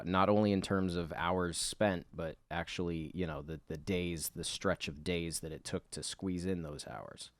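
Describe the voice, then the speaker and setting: Rambling artist guy, low-pitched, dry close voice-over, self-mocking and loose. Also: dry recording. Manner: meandering, self-deprecating, swears casually. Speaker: artist, channel host. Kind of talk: rambling commentary over a drawing video.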